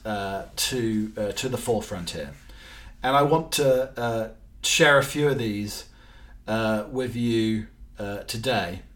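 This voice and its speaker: A man hosting his own show in casual, rambling chat, joking and full of ums and restarts. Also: medium pitch. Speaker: podcast host. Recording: roomy, distant mic, faint music.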